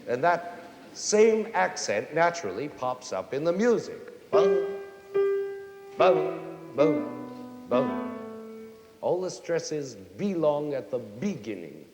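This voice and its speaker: A middle-aged man giving a lively lecture on music to a young audience, now and then singing short folk tunes to make his point. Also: a little high, unhurried. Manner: animated, sings and hums short folk tunes to demonstrate. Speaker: conductor and music educator. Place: large concert hall with audience. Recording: roomy concert hall reverb, faint hiss.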